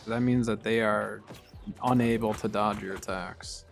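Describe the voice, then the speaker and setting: A young man streaming a game, calmly explaining tactics and getting excited in fights. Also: on the low side, unhurried, vocal fry, faint music behind. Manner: relaxed, explains tactics while playing, bursts of excitement in fights. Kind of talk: casual gameplay commentary.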